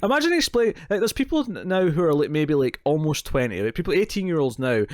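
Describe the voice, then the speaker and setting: A man's voice: a little high, very animated, fast talker, no room sound, studio quality. A man in his thirties, co-hosting a casual film discussion, rambling and joking at his own expense. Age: 30s. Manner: rambling, self-deprecating, joking. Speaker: co-host.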